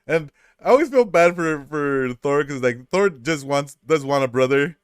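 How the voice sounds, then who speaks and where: A man's voice: on the high side, normal speed, clean tone, dry recording, studio quality. A man co-hosting a casual chat, recapping a movie with frequent laughs and acted-out quotes. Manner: animated, laughs often, acts out quotes. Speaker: podcast co-host.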